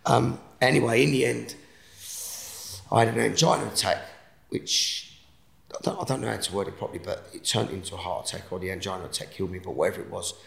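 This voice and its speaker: A middle-aged man with an Essex accent, a guest telling an emotional personal story, animated one moment and hushed the next. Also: on the low side, fast, creaky, roomy sound. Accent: Essex English. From England. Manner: animated, rising to shouts in retold quotes, dropping to hushed tones.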